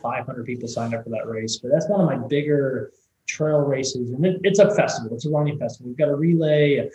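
A man's voice: medium pitch, brisk, warm tone, reverberant, poor audio. A man, a race director, telling stories in a casual, rambling interview, with many restarts and fillers. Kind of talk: conversational interview storytelling.

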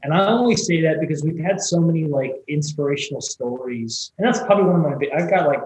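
A man's voice: a little high, expressive, fast talker, darkish tone, reverberant, a little hiss or hum, low-quality recording. A man, a race director, telling stories in a casual, rambling interview, with many restarts and fillers. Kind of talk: conversational interview storytelling.

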